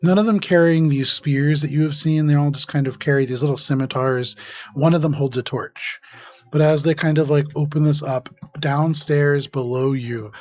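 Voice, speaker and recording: A man's voice: on the high side, fairly even intonation, darkish tone. Man narrating as dungeon master. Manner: descriptive, measured, with fillers. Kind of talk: narrating a tabletop game.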